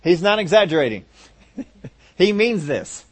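A man preaching a sermon, reading scripture aloud and explaining it with slow, emphatic repetition. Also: high voice, sing-song.

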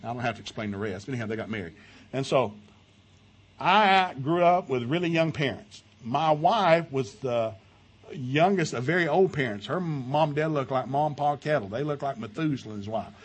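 A middle-aged man preaching at a marriage seminar, telling loud, animated family stories between scripture readings. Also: normal speed, slightly rough. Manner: loud and animated, with big jumps in pitch and volume and laughter at his own stories; folksy storytelling mixed with scripture reading. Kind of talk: sermon.

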